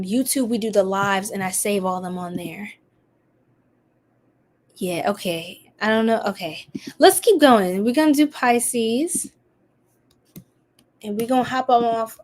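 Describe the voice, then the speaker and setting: A woman hosting a live tarot reading for her stream, chatty and sassy, greeting viewers by name and exclaiming at the cards. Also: fairly high pitch. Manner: animated, exclaims often.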